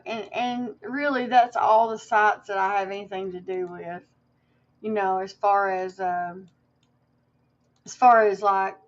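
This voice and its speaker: A woman's voice: mid-range voice, muffled recording. A woman livestreaming to her viewers in a casual, rambling way, with many fillers and restarts and some emotion.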